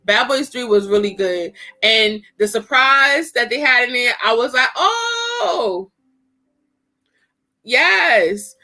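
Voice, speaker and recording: A middle-aged woman hosting a casual livestream, talking in an animated, chatty, slangy way. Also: a little high, unhurried, few pauses. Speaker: livestream host. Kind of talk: casual chat.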